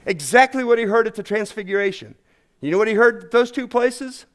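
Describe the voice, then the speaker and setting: A middle-aged man preaching a sermon in an animated, folksy way, repeating phrases for emphasis. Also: sits high, fairly quick. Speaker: pastor.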